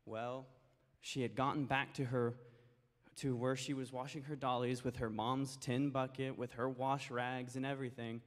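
Brief: male children's-story teller, folksy and gentle, long reverb of a church hall. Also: medium pitch, flat delivery, moderate pace. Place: church sanctuary.

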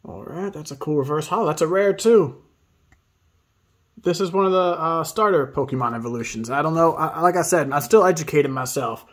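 A man hosting a casual pack-opening video, excitably reading card names aloud and hyping himself up. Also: fairly high pitch, fairly quick. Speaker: host opening card packs.

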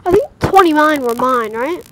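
Excitable high-voiced young woman gamer. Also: moderate pace. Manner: excitable, yelps and silly mock swearing. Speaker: gameplay commentator. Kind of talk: casual gaming chat. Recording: noisy home mic recording.

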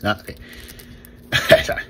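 A young man hosting a casual toy review vlog, excited, stumbling over his words and laughing often, recorded on a new phone camera. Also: measured pace, a little hiss or hum. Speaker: toy reviewer and channel host.

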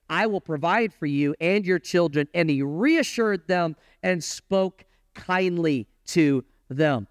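High-voiced man preaching a fervent sermon. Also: takes it slowly, no echo, studio quality. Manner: impassioned preaching with big emphatic pitch swings; conversational asides to the congregation. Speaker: pastor.

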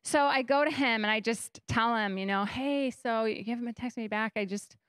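A young guest pastor gives a conversational sermon from a church stage, telling stories with animation and acting out her own thoughts. Her voice is fairly high, fairly quick and fairly bright, clear and resonant. The studio-quality recording has no echo.

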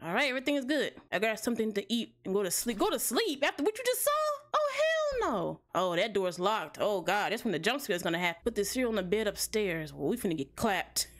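A woman commenting on a horror game as she plays, chatty with viewers, jumping at scares and swearing loudly. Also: medium pitch, very animated, fast talker, few pauses. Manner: jumpy, loud reactions, frequent swearing. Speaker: gaming streamer.

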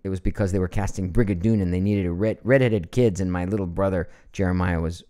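A middle-aged man from Ohio hosting a casual live stream at home, chatty and animated, reading out viewer comments with frequent laughs. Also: low-pitched, fast, clean tone. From Ohio, USA.

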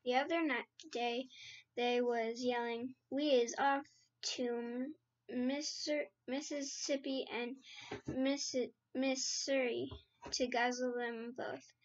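A woman reading the part of a big, gentle male giant who talks in slow, muddled grammar and made-up words. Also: sits high, steady tone. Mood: gloomy. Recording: slightly dull lo-fi sound.

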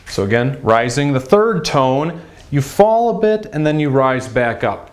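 Slow-talking man teaching at a whiteboard. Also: very animated. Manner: demonstrates sounds with exaggerated pitch swings; patient, repeats words slowly. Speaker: language teacher. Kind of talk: whiteboard lesson.

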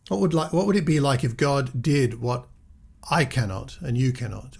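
Male preacher, mid pitch, earnest and reflective, often restarts and asks rhetorical questions. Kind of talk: reflective Bible teaching.

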